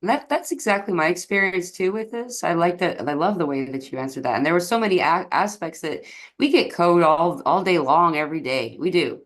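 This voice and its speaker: A woman's voice: on the low side, expressive, a little fast. A woman hosting a spiritual interview, encouraging and affirming. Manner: encouraging, soft back-channel replies. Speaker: interview host. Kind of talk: casual spiritual chat.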